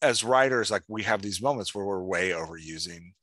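A man hosting a writing podcast, chatting in an animated way and filling his talk with "like" and "right?". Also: low voice, a little fast, dry recording. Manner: animated, lots of "like" and "right?", reads examples aloud. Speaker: podcast host, writing coach. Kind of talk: casual explanatory chat.

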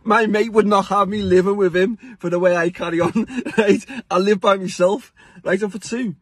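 Husky british guy, middle-aged, ranting to camera, sweary and blunt, laughs a lot, kinda high voice. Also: fairly even intonation, moderate pace, no echo. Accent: British English. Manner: blunt, sweary, laughs often between points. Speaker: vlogger. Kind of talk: casual rant to camera.

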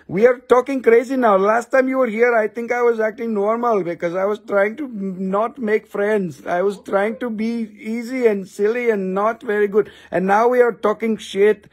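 A man's voice: high voice, steady tone, moderate pace, few pauses, darkish tone. A man hosting a live crystal sale stream, chatting loosely, joking and swearing freely. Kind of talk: casual live-stream chat.

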